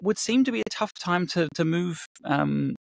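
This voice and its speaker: A man's voice: high voice, expressive, normal speed, creaky, no room sound. A middle-aged man from England with a New Zealand accent, chatting as a podcast guest and telling stories in a rambling way with many fillers and restarts. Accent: New Zealand with a slight British trace. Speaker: voice actor guest. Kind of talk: casual interview chat.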